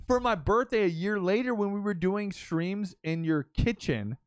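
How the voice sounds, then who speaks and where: A young adult man hosting a podcast, telling an excitable, swear-heavy story in casual chat with many restarts. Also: high-pitched, unhurried, no echo. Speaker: podcast host and streamer.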